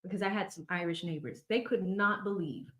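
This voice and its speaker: This legal commentary host, a Boston-accented woman in her thirties from the area, chats casually on her stream, full of fillers. She speaks a little fast in a lowish, slightly bright voice, with roomy echo on the recording.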